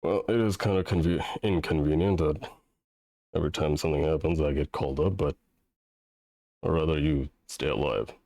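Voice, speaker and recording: A man voicing a dragon spirit who speaks in a slow, musing way. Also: a bass voice, creaky, dark tone, no room sound, clean studio sound. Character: pondering dragon spirit, calm and dry.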